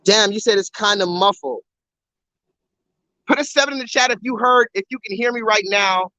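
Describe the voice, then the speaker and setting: This man hosts a live stream on the move, chatting on a phone and pressing his audience over and over to drop comments in the chat. His voice sits high and his pace is moderate, with no echo but poor audio. As a livestreamer, he comes across as animated and repetitive.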